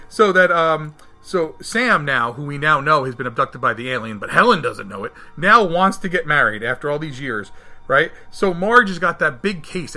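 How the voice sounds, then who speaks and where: Bright-voiced animated man. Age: adult, married. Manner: animated, acts out quotes with big jumps in pitch. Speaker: podcast co-host reviewing a film. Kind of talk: casual chat.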